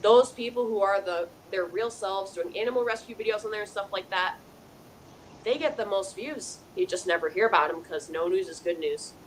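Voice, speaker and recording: A woman's voice: mid-range voice, normal speed, a little hiss or hum, rough recording. A woman hosting a live call-in psychic show, earnestly passing on messages from the dead in first person, with a chatty "you know" style. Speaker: psychic medium host.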